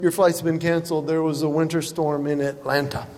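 A man voicing an unhelpful male airline desk agent who talks flat and dismissive, in a live stand-up bit. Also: fairly high pitch, brisk, pitched below the performer's own voice, close to an everyday voice. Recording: live hall with reverb and faint noise.

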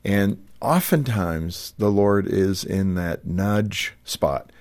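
A man's voice: lowish voice, slow, darkish tone. A man hosting a Christian radio talk show, interviewing a guest in an earnest, thoughtful way. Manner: earnest, thoughtful, with small restarts.

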